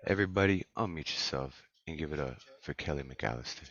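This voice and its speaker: A man hosting an online open mic, speaking haltingly with many ums and restarts. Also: very deep voice, a bit bright, muffled recording. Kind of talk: casual hosting.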